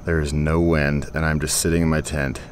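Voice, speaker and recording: A man's voice: a bass voice, little pitch movement, fairly quick, slight background noise. A man vlogging to camera outdoors at a campground, sweaty and exhausted after a long day of riding, upbeat and laughing often. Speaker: cycling vlogger. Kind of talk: casual vlog talk to camera.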